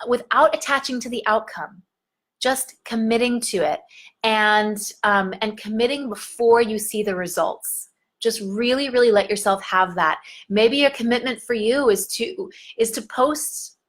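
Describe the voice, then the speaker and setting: A woman's voice: mid-range voice, fairly bright tone. Earnest woman coaching on confidence. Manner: earnest, guiding, with slow drawn-out emphasis. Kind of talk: motivational self-help talk to camera.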